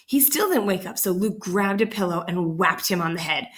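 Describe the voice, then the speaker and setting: A teacher reading a picture book aloud to her class, with animated, expressive storytelling. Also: lowish voice, normal speed.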